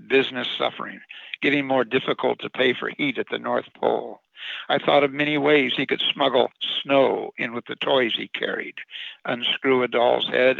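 A man reading his own short story on the radio in a wry, sardonic way. His voice is deeply gravelly with a bright, forceful edge. The recording is dry and a little dull and lo-fi. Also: no room sound. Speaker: radio commentator and writer.

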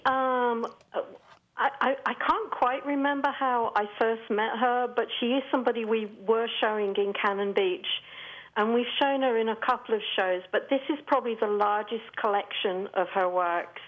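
A woman's voice: fairly high pitch, normal speed, phone-quality sound. A woman with a British accent, a gallery owner answering interview questions, hesitant with many ums. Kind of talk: casual interview chat.

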